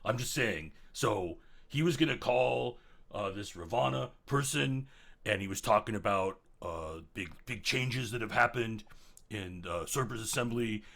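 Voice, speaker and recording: A man's voice: on the low side, animated, measured pace, vocal fry, fairly bright tone. A man playing a tabletop game, stumbling and hesitant at times, then emphatic. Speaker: player. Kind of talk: casual tabletop play.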